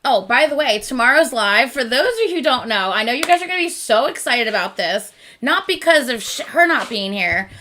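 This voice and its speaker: Bright high-voiced woman chatting on a live stream. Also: brisk. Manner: chatty, rambling, excitable. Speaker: reaction channel host. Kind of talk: casual live-stream chat.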